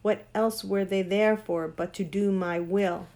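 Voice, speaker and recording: An imperious ancient queen of sorcery speaks, voiced by a woman reading a storybook aloud. Her voice is grand, cold and commanding, with a pitch that sits at an ordinary middle height. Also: steady tone, measured pace, warm tone, close to an everyday voice.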